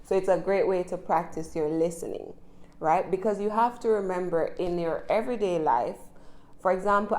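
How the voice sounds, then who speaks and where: A woman's voice: lowish voice, normal speed, a little mellow. A woman with a Jamaican accent teaching English in a chatty, encouraging way, often checking in with the listener. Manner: chatty, encouraging, frequent tag questions. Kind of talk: casual spoken lesson.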